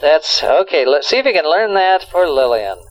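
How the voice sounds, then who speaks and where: Lively encouraging language teacher. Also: mid-range voice, normal speed, low-quality recording. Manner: encouraging, prompting, explaining. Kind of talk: guided language lesson.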